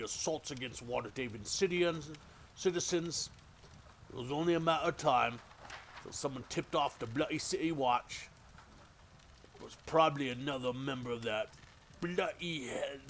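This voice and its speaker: A man voicing a gruff, bearded male prisoner who is surly and defiant. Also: medium pitch, fairly bright tone, a little hiss or hum, voice pushed up, lightly acted. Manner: rough, snappish, dismissive.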